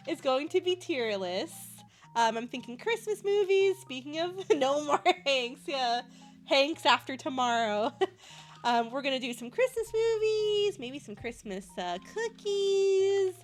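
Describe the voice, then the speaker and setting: A woman live streamer chatting casually with her viewers, playful and a bit loopy, laughing constantly as she talks. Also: high-pitched.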